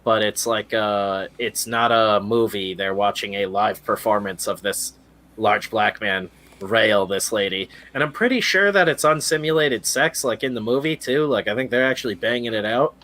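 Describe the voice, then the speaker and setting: A man's voice: fairly low pitch, moderate pace, sharp tone. A man hosting a podcast in casual chat, rambling and filling his talk with "like" and "uh". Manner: rambling, fills speech with "like" and "uh". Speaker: podcast host.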